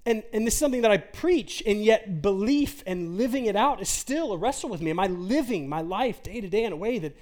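A man's voice: high voice, expressive, brisk, hardly any pauses, a little mellow. A man in his forties preaching an earnest, conversational sermon as a pastor, full of rhetorical questions.

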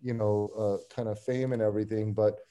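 A man's voice: lowish voice, little pitch movement, brisk, mellow, clear, resonant tone. A man, a strength coach and podcast guest, recounting his career in an easygoing, rambling way, chuckling often. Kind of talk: casual interview storytelling.

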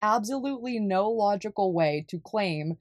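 A young woman from California, talking casually in a solo podcast, chatty and quick to laugh at herself. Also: mid-range voice, lively intonation, no echo, clean studio sound. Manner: chatty, laughs often, self-deprecating.

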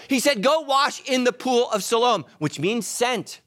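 A male pastor delivering a sermon with a high, lively voice that climbs and drops. He tells his stories with humor and swings from loud emphasis to hushed asides. The recording is dry and close, with no room echo. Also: unhurried.

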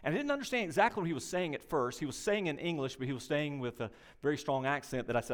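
An older man preaching a sermon, animated and conversational, telling anecdotes and addressing the congregation directly. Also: fairly high pitch, fast talker, hardly any pauses. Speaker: pastor.

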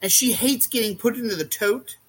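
A man talking as a guest in a casual podcast chat, rambling and animated, often acting out what others say. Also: very high voice, brisk, slightly rough. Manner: rambling and animated, acts out quotes. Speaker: guest, reptile keeper.

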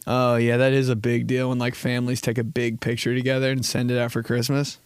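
A man's voice: medium pitch, monotone, brisk, clear, resonant tone, no room sound, clean studio sound. A young man hosting a podcast, rambling in a casual, profane, joking way, often laughing and acting out quotes. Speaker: podcast host. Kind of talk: casual comedic podcast chat.

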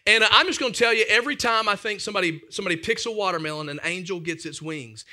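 A man in his thirties, a pastor preaching an animated, emphatic sermon full of family stories. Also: sits high, fast.

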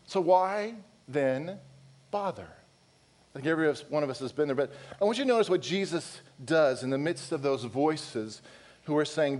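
A male pastor with a high-pitched voice delivers a sermon. He presses his point with strings of rhetorical questions. He keeps turning to his listeners with candid, conversational asides. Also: a little mellow. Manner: emphatic, full of rhetorical questions.

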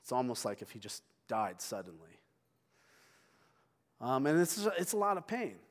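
A middle-aged man preaching a sermon as pastor, telling a personal story with halting restarts and sounding tearful. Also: mid-range voice, sing-song. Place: church sanctuary. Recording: long hall reverb.

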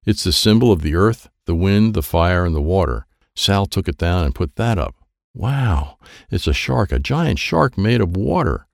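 Animated, gravelly male storybook narrator. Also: sits low, normal speed, dry recording, clean studio sound. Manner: animated, playful sound effects. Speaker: audiobook narrator. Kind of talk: reading a children's chapter book.

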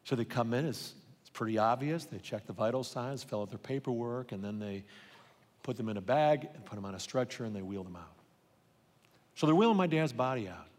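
A middle-aged man pastor giving a sermon, earnest and personal, telling stories with frequent restarts. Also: mid-range voice. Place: large church hall. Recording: live sermon with long hall reverb.

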